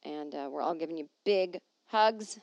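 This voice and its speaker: A woman's voice: deep voice, normal speed, gravelly, no echo. Rambling, self-mocking woman podcast host. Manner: rambling, self-deprecating, playful. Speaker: podcast host and touring comedian. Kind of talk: casual solo podcast chat, reading listener emails. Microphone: podcast microphone.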